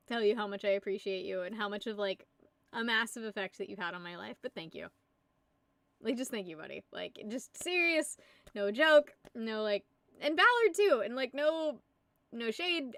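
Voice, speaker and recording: A young woman streamer with a high, bright-pitched voice, talking loosely and giggling between rambling answers. Her voice sounds close and dry, with no room around it. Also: clear, resonant tone, no echo. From United States. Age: young adult. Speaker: livestreamer. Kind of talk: casual live-stream chat.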